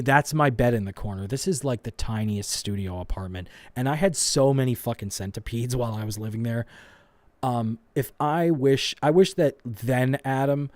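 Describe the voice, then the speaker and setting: A man's voice: medium pitch, darkish tone, no room sound. Profane self-mocking male streamer. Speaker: host. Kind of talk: live reaction commentary.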